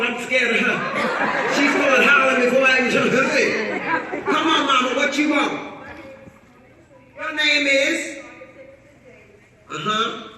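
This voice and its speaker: Sassy lady working the crowd, slow and punchy, bright forceful voice, echoey hall far from the mic. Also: high-pitched. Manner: sassy, preachy, teasing the crowd. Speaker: author at a book tour talk. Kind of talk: lively talk and Q&A with an audience. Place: carpeted event room with an audience.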